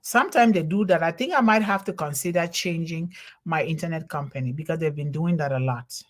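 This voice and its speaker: A woman's voice: deep voice, brisk. A woman who is not a native English speaker hosts a live online show from home. She thanks viewers one by one by name and reads their comments aloud. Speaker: host. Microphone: home livestream over internet.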